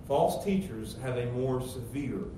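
A man's voice: medium pitch, animated, a little slow. Man preaching in an echoey church. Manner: emphatic preaching, rising loud on rhetorical questions. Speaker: pastor. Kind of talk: sermon. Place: church sanctuary. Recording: very echoey church hall, distant mic, faint noise.

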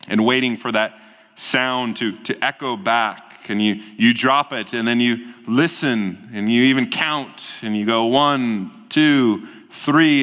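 A man preaching a sermon as a pastor, slow and earnest, with pauses between phrases. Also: lowish voice, fairly bright tone, smooth, long reverb tail.

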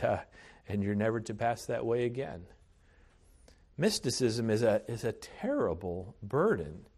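A man preaching a sermon in an earnest, deliberate way, often restarting his phrases. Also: lowish voice, darkish tone.

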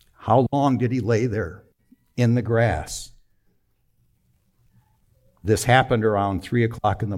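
A middle-aged man preaching a sermon, telling a personal story with emotion, moving from quiet to emphatic. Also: lowish voice. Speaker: pastor.

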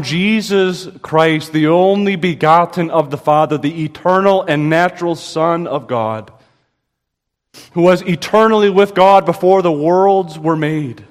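Delivering a sermon in a big-sounding room, a male pastor speaks with emphasis. His pitch rises abruptly at times, and he slows down to stress quotations.

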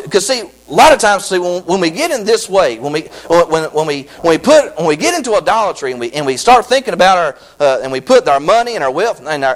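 Man, pastor mid-sermon; high, animated delivery, excitable and repetitive. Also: low-quality recording. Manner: excitable, repetitive preaching with many restarts.

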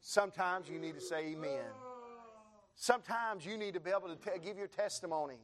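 An American man preaching a sermon in a church, building his repeated phrases up into fervent shouts while the congregation answers with amens. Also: sits high, brisk, crowd noise. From United States. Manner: rising to fervent shouts, repetitive rhythmic phrasing.

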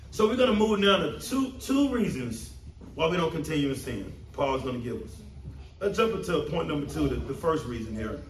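A man preaches with an emphatic, repetitive delivery and a fairly high voice. The room is echoey and the mic sits some way off. A faint ambient hum runs underneath. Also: fairly bright tone, far from the mic. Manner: emphatic, repeats phrases for stress. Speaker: pastor. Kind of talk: sermon.

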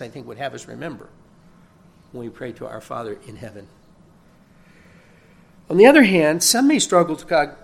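Over slight background noise, a pastor with a mid-range voice and vocal fry preaches his sermon. His manner is earnest and emphatic, with repeated words building each point, rising emphasis and the odd chuckle.

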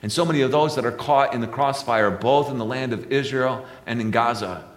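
A man delivers a sermon, reading scripture in old-style wording. His preaching drops to hushed, low passages and then climbs to loud, high, emphatic peaks. The room gives his voice a noticeable echo. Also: a little fast. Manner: reads scripture in King James wording. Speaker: pastor. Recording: echoey room.

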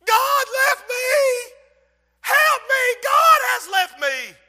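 A man preaching voices a desperate young woman who wails and shouts, in an echoey church hall. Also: sing-song, very slow, heavily acted. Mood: anguished. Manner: wailing, high and shouted.

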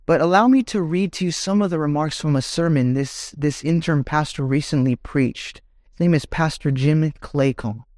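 A man's voice: on the high side, normal speed, a little mellow, dry recording, clean studio sound. A man preaching a sermon as pastor, reading scripture and rising to emphatic questions.

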